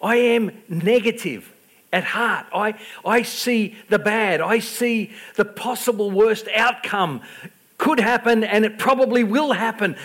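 Male pastor, high voice, sermon, stammering restarts, loud and quiet swings. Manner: self-deprecating storytelling with stammered restarts; swings between loud outbursts and quiet asides.

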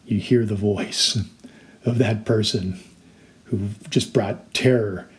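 A man's voice: lowish voice, steady tone, slow pace. A man preaching a sermon as a pastor, earnest and explanatory, now and then acting out the voices in his stories.

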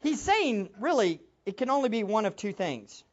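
A man's voice: a little high, lively intonation, moderate pace, hardly any pauses, muffled recording. A man preaching a sermon as a pastor, emphatic, with much repetition for stress.

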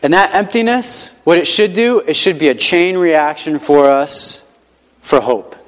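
A man preaches in a church with a loose, conversational style, hammering his points through repetition and sprinkling "like" between phrases. His voice sits a little high for a man, and a long reverb trails off every line in the big hall. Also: unhurried. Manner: conversational, emphatic repetition, frequent "like" fillers. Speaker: pastor. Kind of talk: sermon.

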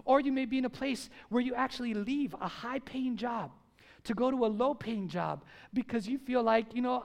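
Pastor guy preaching in church, really high voice, keeps hammering the same point. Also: moderate pace, creaky. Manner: emphatic, repeats key lines, acts out critics' voices. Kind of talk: sermon. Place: church service before a congregation.

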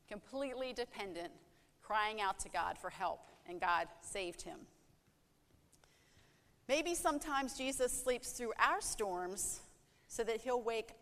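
A woman's voice: on the high side, fairly bright tone, big-room sound. A woman preaching a sermon in an earnest way, asking rhetorical questions and acting out heartfelt prayers.

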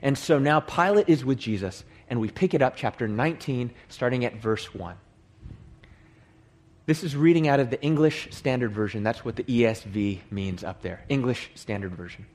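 A man's voice: mid-range voice, moderate pace, a little mellow. A man leading a Bible study, walking through a passage and explaining it, restating and repeating points for emphasis. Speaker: Bible teacher.

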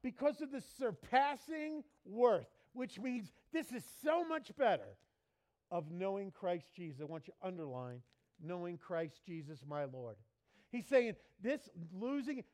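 A man preaching in a church as pastor, lively and playful, mimicking people for laughs. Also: sits high. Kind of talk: sermon.

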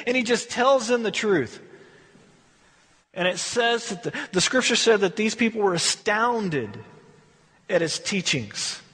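A man's voice: sits high, a bit bright, husky, long reverb tail. A man preaching a sermon as a pastor, conversational and emphatic, asking rhetorical questions.

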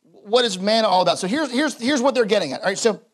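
A man's voice: high voice, animated, fast talker. A man preaching a sermon in a casual, conversational way, acting out the scripture he reads. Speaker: pastor.

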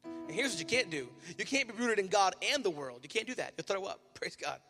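A young man preaching a sermon as pastor in a church, swinging between loud emphatic rises and quiet asides. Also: high-pitched, very animated, brisk. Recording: church hall reverb, faint music.

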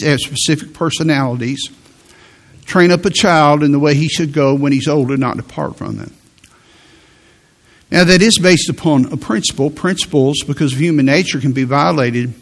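A male preacher, delivering a sermon in a slow, emphatic way and quoting scripture. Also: fairly high pitch.

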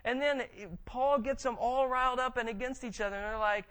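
A man preaching a conversational sermon, reading scripture and explaining it with animated tag questions. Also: very high voice, fairly quick, clear, resonant tone. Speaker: pastor.

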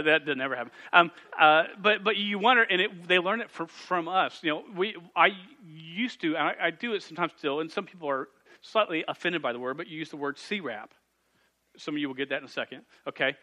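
A man in his thirties delivers a sermon to teens and their parents. His voice sits a little high and has a bright, forceful edge. He tells stories about himself in a playful, self-deprecating way. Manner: jokey, self-deprecating storytelling with lively asides. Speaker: youth pastor. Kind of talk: sermon to a youth group and parents. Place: church youth room.

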